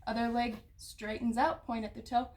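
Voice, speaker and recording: A woman with a somewhat high voice leads an at-home workout, counting reps aloud and explaining each move as she does it herself. She sounds slightly out of breath from exercising along. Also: little pitch movement, normal speed, a little mellow. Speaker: fitness instructor. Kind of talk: follow-along workout instruction.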